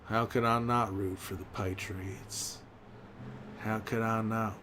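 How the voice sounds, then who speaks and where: A man playing a gruff middle-aged male survivor, bantering and swearing in an in-character livestream. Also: on the low side, flat delivery, slow pace, a bit bright, a little hiss or hum. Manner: gruff, swearing, teasing chat. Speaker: streamer in character.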